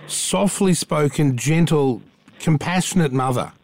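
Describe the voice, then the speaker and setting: A man jokes and teases through casual on-air banter as a radio host. His voice sits a little high and has a gravelly edge. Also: a little slow, darkish tone, no echo. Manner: teasing, joking. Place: radio studio.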